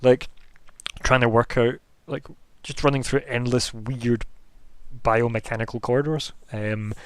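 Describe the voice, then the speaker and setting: Male game master, loose rambling narration, mid pitch, dry close sound. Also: steady tone, a little slow, clear, resonant tone, no echo. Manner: loose, rambling scene description full of hedging fillers.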